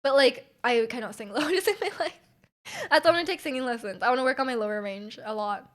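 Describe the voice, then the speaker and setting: Woman streamer for casual chat, slightly high voice, energetic and loud, lots of fillers, volume that jumps up and down. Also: fast. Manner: chatty, many fillers, reads chat aloud.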